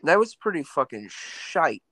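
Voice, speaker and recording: A man's voice: a little high, big pitch swings, a little slow, sharp tone, no room sound. A man who acts on stage, chatting casually and teasing bluntly with a dry tone. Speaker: stage actor and podcast guest. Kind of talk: casual chat.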